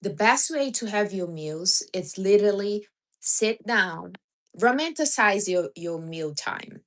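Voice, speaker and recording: Woman, livestream host, casual chat, blunt and teasing, mid pitch. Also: animated, takes it slowly. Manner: blunt, teasing advice with non-native grammar.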